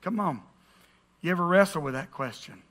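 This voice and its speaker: A male pastor preaching a sermon, animated and joking, bursting into shouts. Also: sits high, normal speed.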